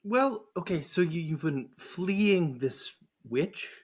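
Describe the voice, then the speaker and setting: A man's voice: fairly high pitch, lively intonation, slow. A man playing in a tabletop game, playful and a bit hesitant. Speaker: player.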